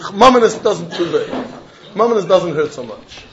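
A high-pitched man gives a Talmud lecture, arguing the text in an animated, probing way. He drills his listeners with pointed questions. The recording sounds dull and lo-fi. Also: moderate pace, crowd noise. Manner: animated, argumentative, mixing Yiddish and Hebrew terms into English; asks students pointed questions. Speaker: Talmud teacher.

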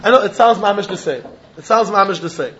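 Man, high voice, Talmudic lecture, Yiddish and Hebrew terms mixed into English, quotes both sides of a case, dull lo-fi sound. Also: animated, fast, a bit bright, a little hiss or hum. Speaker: Talmud teacher. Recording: dull lo-fi recording.

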